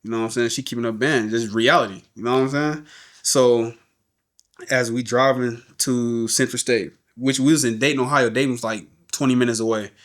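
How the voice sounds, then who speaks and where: A man's voice: mid-range voice, fairly even intonation, brisk. An adult man, a podcast guest, candidly telling his life story in a loose, casual way, often repeating words and asking "you know what I'm saying.".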